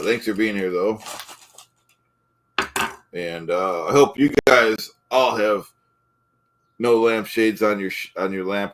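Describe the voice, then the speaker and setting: A man doing a self-important, thin-skinned guy cooking ham and eggs for a live stream, in a somewhat low voice. He rambles from topic to topic and keeps indignantly repeating that nobody should question him, all in an improvised comedy bit. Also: fairly bright tone. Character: pompous, touchy middle-aged man cooking eggs live. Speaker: livestream host in character.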